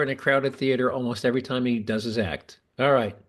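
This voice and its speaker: A man's voice: medium pitch, fairly even intonation, moderate pace. A man hosting a podcast, talking casually and restarting sentences as he explains. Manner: chatty, restarts often while explaining. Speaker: podcast host. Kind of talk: casual talk.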